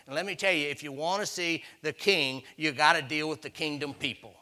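Male preacher, folksy storyteller who acts out voices, bright and a touch high. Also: steady tone, brisk. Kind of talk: sermon.

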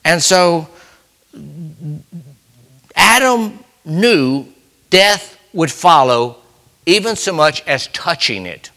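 Pitched slightly higher than most men, this preacher's bright, forward voice carries a sing-song quality through his conversational sermon. He restarts and repeats key phrases, drawing out words for emphasis.

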